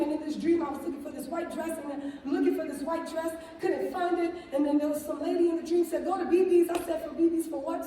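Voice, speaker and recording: This woman's testimony reaches us off-mic from across a big, reverberant hall, with a little hiss or hum and a soft crowd murmur below. Her high voice stays animated as she laughs, performs quoted lines and keeps asking her live audience "right?"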